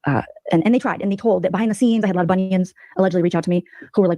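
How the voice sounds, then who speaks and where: A woman giving sarcastic, mocking gossip commentary as a streamer, telling the story in an animated way. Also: on the low side, racing, no echo.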